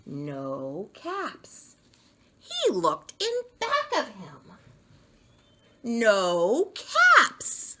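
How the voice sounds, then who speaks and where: Woman, storyteller, children's read-aloud, very slow, swooping lively pitch, bright voice. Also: a little hiss or hum. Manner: very slow, expressive, sing-song delivery.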